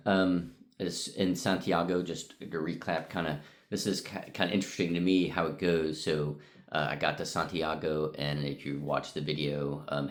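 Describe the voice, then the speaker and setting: A middle-aged man with an extremely deep voice talks casually from a hotel room. He rambles through his thoughts with plenty of ums and uhs, and his pitch stays flat and level. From United States. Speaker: vlogger. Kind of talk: casual vlog recap.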